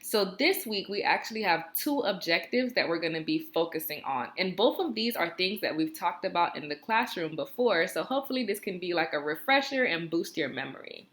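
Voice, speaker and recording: A woman teaching first graders in a recorded video lesson, with slow, clear, encouraging talk and drawn-out repeat-after-me phrases. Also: fairly low pitch, lively intonation, fairly bright tone.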